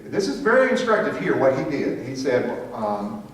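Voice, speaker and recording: With huge swings in pitch around a medium register, this man teaches a church class at normal speed, putting questions to the group and naming respondents. The distant room mic gives an echoey sound with a little hiss.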